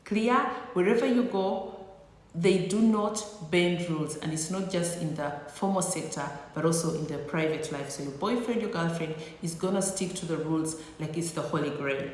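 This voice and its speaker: A woman's voice: low voice, moderate pace, hardly any pauses, darkish tone, slight background noise. A woman vlogger giving comedic advice to camera in a sassy, teasing, playfully exaggerated way. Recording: echoey room with long reverb.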